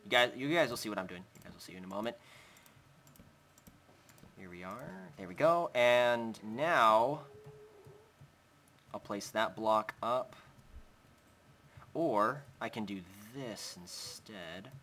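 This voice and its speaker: A young gaming host talking slowly with a bright, forward tone. He narrates his Minecraft building step by step and chats to his pet. A faint hum sits under his desk mic. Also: on the low side, animated. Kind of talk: casual Minecraft let's play commentary.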